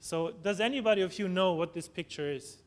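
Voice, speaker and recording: A man giving a conference presentation, halting, with frequent restarts and tag questions. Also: sits high. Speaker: conference speaker. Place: conference hall. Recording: long hall reverb, faint noise.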